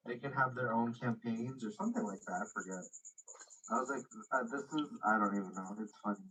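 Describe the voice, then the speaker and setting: A man's voice: medium pitch, brisk, pushed and bright. Distant man meandering in a stream chat. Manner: meandering, trails off and forgets his point. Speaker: stream guest. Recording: voice from far off the mic.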